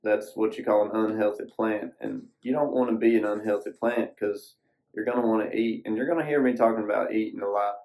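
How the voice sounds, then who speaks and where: Solo podcast host, male, lowish voice, loose folksy ramble, some cussing. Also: steady tone, fairly quick, darkish tone, poor audio. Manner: folksy, rambling, casual swearing. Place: sitting alone at a screen.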